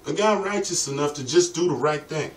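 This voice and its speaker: A man's voice: fairly high pitch, fairly quick. A man delivering a rambling, profane vlog monologue in a streetwise way. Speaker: vlogger. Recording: roomy echo, distant mic, faint ambient noise.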